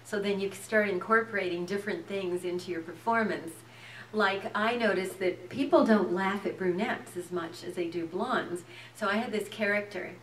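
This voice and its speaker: A woman actress telling lively anecdotes in a casual interview, laughing often. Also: mid-range voice, normal speed, roomy sound, recorded from a distance, a little hiss or hum. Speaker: actress, guest.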